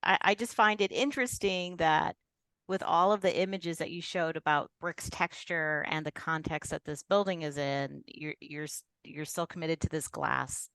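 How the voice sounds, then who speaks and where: A woman's voice: low-pitched, moderate pace, a bit bright, no echo. A woman on a design commission giving hesitant, politely skeptical feedback with many fillers. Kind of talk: public meeting critique.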